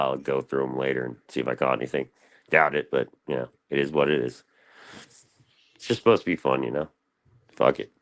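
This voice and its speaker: A young man, rambling through casual stories on a live panel stream, slangy and loose, full of fillers. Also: very deep voice. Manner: laid-back, slangy, loose storytelling with lots of fillers.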